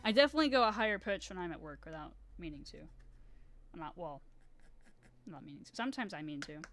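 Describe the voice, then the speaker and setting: A woman's voice: fairly low pitch, fast talker. A woman in her twenties chatting casually on a live stream while she paints, rambling through stories and acting out quotes. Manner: rambling, animated storytelling with acted-out quotes and laughter.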